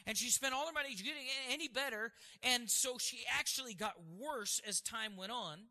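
High, bright-voiced preacher in a hall. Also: male voice, moderate pace. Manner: asks the congregation questions and answers them. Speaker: pastor. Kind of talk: sermon. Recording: hall reverb.

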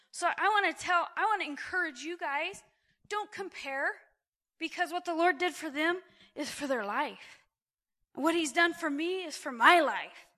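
A middle-aged woman giving a testimony sermon to a church gathering, animated and exclamatory. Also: sits high. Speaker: church speaker.

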